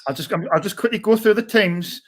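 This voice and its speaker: A man opening a fan live stream and chatting loosely, reading out a team list. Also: high voice. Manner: loose, halting, reads lists out plainly. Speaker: host. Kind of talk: casual live-stream chat.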